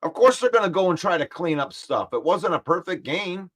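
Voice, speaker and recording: A man hosting a casual sports talk stream, animated and argumentative, repeating points for emphasis. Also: sits high, fairly quick. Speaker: sports show host. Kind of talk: casual live-stream chat, reading comments.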